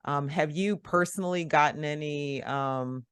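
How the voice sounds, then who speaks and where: A man's voice: on the high side, a little slow, fairly bright tone, reverberant. A male host interviewing a guest in a conversational way, encouraging and affirming throughout. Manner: encouraging, affirming with frequent "yeah". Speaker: podcast host.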